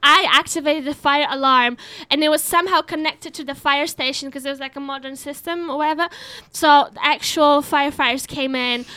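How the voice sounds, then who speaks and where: A woman's voice: high voice, fairly even intonation, a little fast, hardly any pauses, bright, forceful tone. A woman with a foreign accent, telling self-mocking stories with laughter as a guest on a chat show. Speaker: comedian guest. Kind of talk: casual chat, anecdotes.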